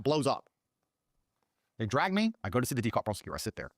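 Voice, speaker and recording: A middle-aged man rattles off a story at a quick clip, his pitch swinging up and down as he mimics the people he quotes. He swears freely as he talks. The sound is close and dry, with no room around it. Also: very animated, no room sound. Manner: profane, acts out quoted lines in mocking voices. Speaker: podcast guest. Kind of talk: animated storytelling in a podcast clip.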